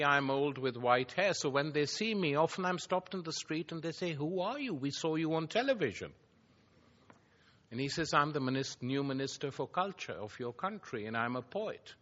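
Wry, lively man lecturing. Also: medium pitch, highs cut off. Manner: wry, storytelling, dry irony. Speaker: public lecturer. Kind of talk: public lecture with anecdotes. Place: lecture hall before an audience.

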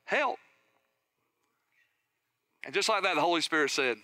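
Bright-voiced preacher man. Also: a little high, moderate pace, long pauses, no echo. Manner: energetic storytelling preacher, asks the congregation questions. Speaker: pastor. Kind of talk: sermon.

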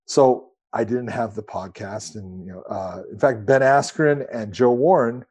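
A man co-hosting a podcast, telling a long story in a relaxed, rambling way with some swearing. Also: mid-range voice, unhurried, slightly rough. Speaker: podcast co-host. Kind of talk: casual storytelling.

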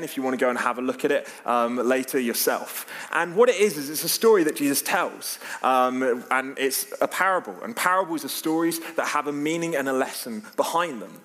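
A man's voice: medium pitch, a bit bright. A man giving an informal sermon, chatty and full of fillers and restarts. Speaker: preacher. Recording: long hall reverb.

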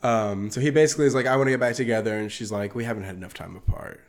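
A man co-hosting a movie podcast, chatting casually and retelling a film's plot in an animated way, acting out the characters' lines. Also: medium pitch, rapid-fire. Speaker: podcast co-host. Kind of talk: casual movie review chat.

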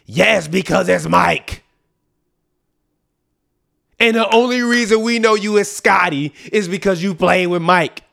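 A man with a high, gravelly voice rants on his sports podcast. He talks emphatically and profanely. His outbursts swing into low, muttered asides. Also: measured pace, long pauses, fairly bright tone. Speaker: podcast host. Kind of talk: heated sports rant.

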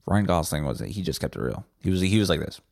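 A man's voice: low-pitched, lively intonation, fast, gravelly, a little mellow, no room sound, studio quality. A man hosting a solo podcast, ranting bluntly and sarcastically with plenty of swearing. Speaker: podcast host.

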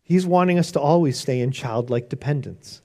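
A man's voice: medium pitch, moderate pace, darkish tone. A man preaching a sermon on prayer in an earnest, conversational way, often restarting his sentences. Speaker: pastor.

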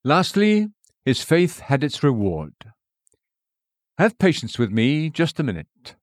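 A man's voice: fairly high pitch, big pitch swings, no echo, clean studio sound. Earnest man reading a sermon. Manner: earnest, emphatic preaching with dramatic pauses. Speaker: sermon reader. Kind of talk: read-aloud sermon.

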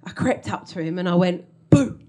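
A woman's voice: fairly low pitch, steady tone, quick pace, a little mellow. A woman telling a comic story from her own life on stage, wry and self-mocking, often laughing through her lines.

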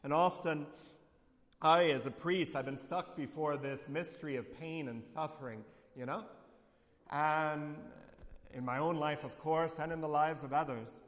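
A man, a priest, giving a reflective homily, often dropping quiet and low on key lines. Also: fairly even intonation, a little slow, long reverb tail.

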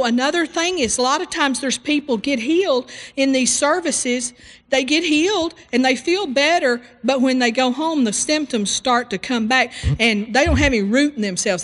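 A woman's voice: sits high, big-room sound. A woman preaching a sermon, retelling a story and acting out the voices in it. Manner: animated storytelling, acts out voices in quotes.

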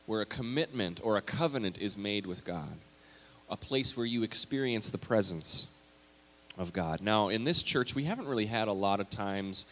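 A man's voice: lowish voice, fairly bright tone. A man preaching a conversational, story-filled sermon as pastor of a church. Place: church sanctuary. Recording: long hall reverb.

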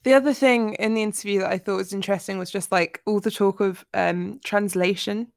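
A woman in her twenties co-hosts a podcast, chatting casually about books like a book club, with frequent fillers and restarts. Her voice is medium in pitch with a steady tone, slight vocal fry, and a slightly quick pace. The recording is clean studio quality with no room sound.

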